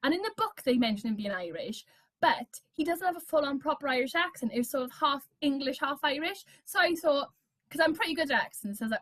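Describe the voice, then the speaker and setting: A woman in her thirties chatting as a guest on a video call, enthusiastic and quick to laugh. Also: high-pitched, expressive, fairly bright tone. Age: 30s. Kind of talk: casual chat.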